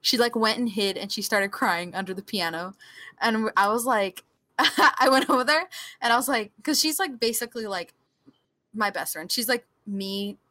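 A young woman co-hosting a podcast over a remote call, talking in a rambling, animated way with many fillers. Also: fairly high pitch, normal speed. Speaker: podcast co-host. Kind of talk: casual chat. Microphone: remote call mic.

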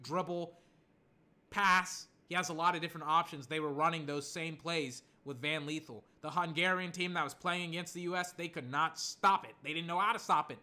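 American sports vlogger ranting, fired up, talks back at haters, kinda tired. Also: mid-range voice. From United States. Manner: animated, argues with imagined critics. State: a little tired. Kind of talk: casual sports rant.

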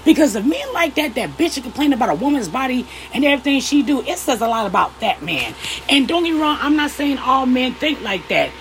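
A young woman on a fired-up rant, swearing freely and calling out her listeners head-on. Her voice sits a little high and swings widely up and down as she presses each point. A faint hum of noise runs underneath. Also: sing-song, brisk, rough recording. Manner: blunt, profane, confrontational. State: upset. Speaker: vlogger. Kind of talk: heated opinion rant to camera.

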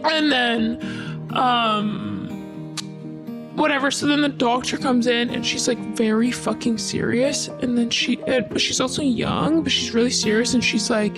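A woman's voice: fairly high pitch, steady tone, unhurried, over music. A woman telling a personal story in a casual, rambling way, full of "like" and frequent swearing.

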